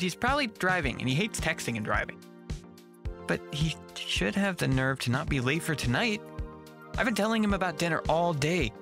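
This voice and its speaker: A man narrating a first-person horror story with a tense, measured reading. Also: fairly high pitch.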